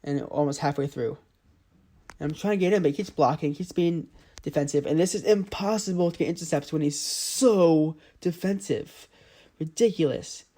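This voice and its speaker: A man's voice: fairly high pitch, brisk, dark tone. A man giving casual play-by-play commentary over his own mobile game footage, often exasperated. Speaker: gaming channel host.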